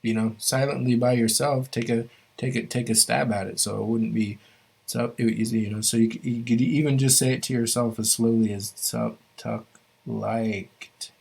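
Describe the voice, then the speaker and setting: A man's voice: mid-range voice, a little fast, creaky, slightly rough. A man teaching a language class online, talking loosely with lots of fillers and restarts while sharing his screen. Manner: relaxed, many fillers and restarts.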